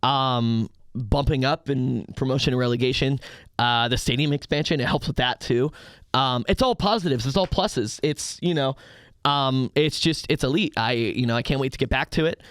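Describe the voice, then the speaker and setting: Excitable young man telling stories, dry sound. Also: mid-range voice, normal speed, smooth, dry recording. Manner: excitable storyteller, acts out crowd hype in loud bursts. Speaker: podcast guest, arena host. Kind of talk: casual podcast chat.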